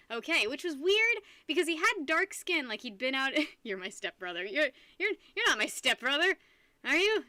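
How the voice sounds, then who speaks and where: A young adult woman streamer chatting casually with her live viewers, telling a rambling, animated story and laughing often. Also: sits high, moderate pace, no room sound.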